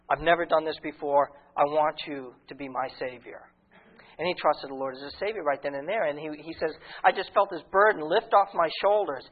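A man preaching a sermon with fervor, retelling a conversation and quoting scripture at length. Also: sits high. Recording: tinny phone-like radio broadcast.

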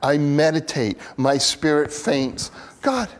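Male preacher, earnest sermon delivery, slow and deliberate, lively pitch swings. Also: big-room sound. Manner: earnest, expressive, acts out quoted pleas. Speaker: pastor.

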